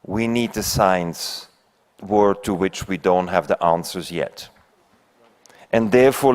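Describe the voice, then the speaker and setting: An older man from Belgium, not an English speaker, giving a conference talk and telling a fable with rhetorical questions to the audience. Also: fairly low pitch. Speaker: keynote speaker. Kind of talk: conference speech with a told fable. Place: conference hall.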